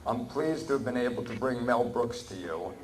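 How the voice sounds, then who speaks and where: A man's voice: mid-range voice, very noisy. Earnest man giving a thank-you speech. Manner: earnest and measured. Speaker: award honoree. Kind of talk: acceptance speech. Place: banquet hall.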